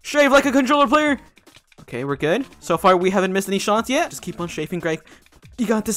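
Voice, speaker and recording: Hyped high-voiced young gaming guy. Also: very animated, quick pace, fairly bright tone, faint music behind. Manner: hyped, keeps calling out to "boys", yelps and laughs at plays. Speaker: gaming YouTuber. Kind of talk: excited gameplay commentary.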